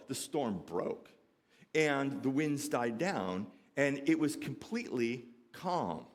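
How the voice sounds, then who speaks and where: A pastor preaching a sermon, conversational and animated, often acting out the voices of the people in the story and asking the congregation questions. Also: male voice, medium pitch. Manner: animated, acts out quoted voices of disciples.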